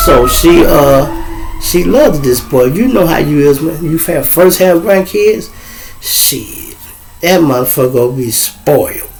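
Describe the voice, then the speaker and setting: A middle-aged man spins family stories in a casual monologue. His voice sits a little high for a man, and his delivery is profane and lively. He slips into the voices of the people he quotes. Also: a little hiss or hum, low-quality recording. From Chicago. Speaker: host.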